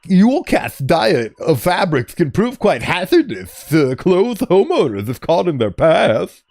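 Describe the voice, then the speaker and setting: A man's voice: high voice, sing-song, measured pace, gravelly, darkish tone, voice pushed up, heavily acted. A man voicing a nerdy young man with a lisp, reading creature facts in an eager, pedantic way.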